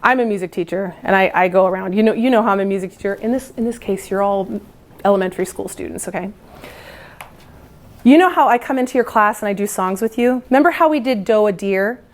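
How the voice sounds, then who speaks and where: A woman, a music teacher, giving a lively storytelling lesson to other teachers and acting out how children react. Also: medium pitch, fast. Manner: animated, playful, acts out children's reactions.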